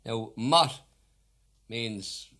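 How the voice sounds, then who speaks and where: Dublin man, chatty and wry, very slow delivery, bright clear tone; old archival record. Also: mid-range voice. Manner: chatty and wry, with hesitant fillers. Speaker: singer. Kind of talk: spoken introductions between unaccompanied ballads.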